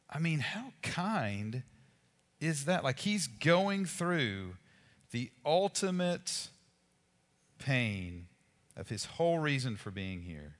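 A man preaching a sermon as pastor, in a conversational, animated way with casual asides to the congregation. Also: mid-range voice, slow, big-room sound.

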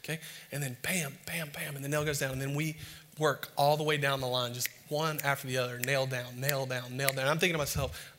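A man from the States, preaching a sermon as an animated, self-mocking storyteller before a live audience. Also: medium pitch, moderate pace, long reverb tail. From Southern United States.

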